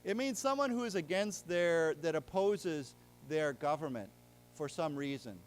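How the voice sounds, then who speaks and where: A man with a fairly high, animated voice teaches a live English vocabulary class at a measured pace in a library lecture room, with slight background noise. He explains words patiently in plain terms, checks understanding and has the audience repeat after him.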